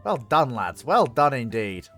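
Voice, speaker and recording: Excitable streamer, slow-spoken. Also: mid-range voice, faint music behind. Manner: excitable, bursts into loud exclamations. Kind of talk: live strategy game commentary.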